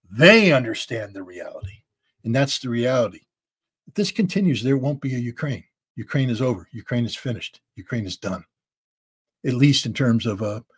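A man's voice: mid-range voice, slightly rough. A man from the United States giving emphatic, blunt political commentary as a guest.

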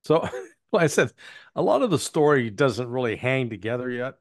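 A man's voice: mid-range voice, lively intonation, moderate pace, dry recording. Blunt male analyst, dry close voice. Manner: rambling, frequent restarts and fillers, blunt. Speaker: interview guest, analyst. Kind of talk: casual spoken commentary.

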